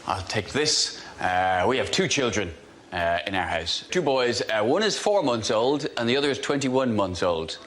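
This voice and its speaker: A man's voice: mid-range voice, big pitch swings, moderate pace, fairly bright tone, a little hiss or hum. A man doing a dry, self-mocking stand-up routine on a TV panel show, with hesitant fillers. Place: TV studio with a live audience.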